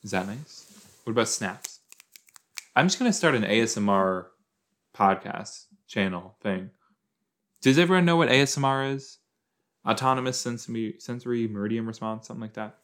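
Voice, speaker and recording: A man's voice: on the low side, animated, moderate pace, pauses often, fairly bright tone. Rambling, jokey male podcaster. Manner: rambling, jokey, thinks aloud. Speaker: podcast host. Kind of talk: casual rewatch commentary. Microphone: desk microphone with a cord.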